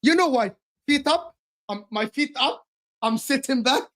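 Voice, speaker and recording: A man's voice: very high voice, animated, a little slow, a bit bright, no echo, clean studio sound. A man co-hosting a football chat show, mocking his friend in heated casual banter, swearing and dropping Arabic slang words.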